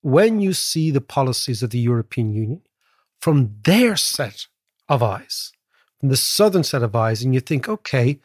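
Husky man, animated storyteller. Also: medium pitch, normal speed, no echo, clean studio sound. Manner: animated, storytelling, frequent tag "right?". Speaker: podcast co-host, economist. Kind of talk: casual conversational podcast.

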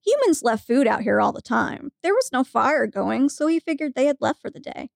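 Woman, podcast co-host, story reading, giggly, gravelly, slightly high voice. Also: very animated, normal speed, no echo, studio quality. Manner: giggly storytelling, breaking into laughter.

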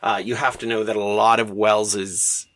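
Chatty man giving a bright lecture. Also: lowish voice, level tone, a little slow, no room sound. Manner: chatty, digressive, with frequent fillers and asides. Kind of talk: casual lecture.

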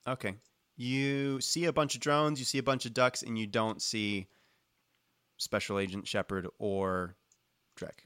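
A man's voice: mid-range voice, steady tone, a little slow, fairly bright tone, clean tone, no room sound, clean studio sound. A man narrating a tabletop game as game master, chatty and jokey. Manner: chatty, jokey, trails off with ums.

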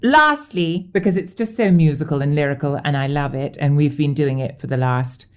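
A man's voice: on the high side, normal speed, smooth. A man with a posh English accent hosting a casual chat, effusive and flowery in his phrasing. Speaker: podcast host.

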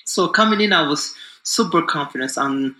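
A man's voice: a little high, lively intonation, normal speed, bright, forceful tone. A man in his forties, a distance runner being interviewed, talks confidently in a loose, rambling way with lots of fillers. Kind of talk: casual interview talk. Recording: echoey room.

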